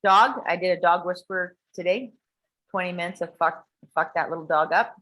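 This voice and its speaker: A woman telling a profane, animated story in casual conversation, acting out voices as she goes. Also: lowish voice, moderate pace, poor audio. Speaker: guest sharing a personal story.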